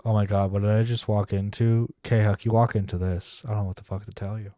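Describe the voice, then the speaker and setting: A man's voice: fairly low pitch, flat delivery, fairly quick, dark tone, dry recording. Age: adult. Sex: man. Role: internet radio host. Style: casual live-stream commentary, profane and rambling, dry close mic.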